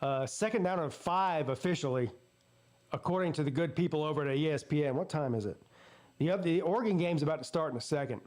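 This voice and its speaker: Male host with a Southern accent, high voice, live game reaction, excitable play-by-play. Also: quick pace. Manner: excitable play-by-play, jumps up in pitch on big plays. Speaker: sports streamer host. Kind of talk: live watch-party commentary.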